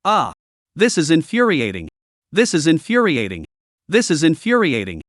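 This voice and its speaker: A man's voice: a little high, wildly swooping pitch, normal speed, fairly bright tone, no echo, clean studio sound. A man voicing a short-tempered young woman cultivator in a comic recap, speaking in exasperated outbursts. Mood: fuming.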